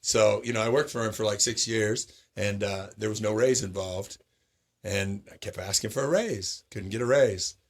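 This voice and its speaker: A man's voice: lowish voice, moderate pace, vocal fry. A middle-aged man from Sacramento who owns roller rinks, telling stories in a casual chat and acting out the voices of the people he quotes. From Sacramento, California. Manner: animated, acts out quoted voices. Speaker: roller rink owner, podcast guest.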